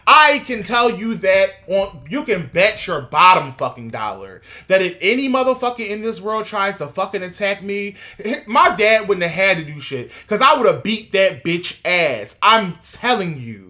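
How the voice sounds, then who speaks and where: A man with a high, bright voice holds forth as a podcast co-host. He rants with heat and swears freely. His pitch swoops all over as he talks. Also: animated, normal speed, few pauses. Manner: profane, heated ranting. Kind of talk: casual gossip chat.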